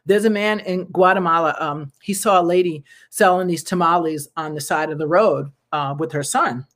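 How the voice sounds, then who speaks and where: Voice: mid-range voice, moderate pace, a bit bright. A speaker in their thirties hosting a casual good-news talk, rambling and chatty with frequent laughs and fillers and earnest, preachy asides. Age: 30s. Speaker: podcast host and nonprofit founder.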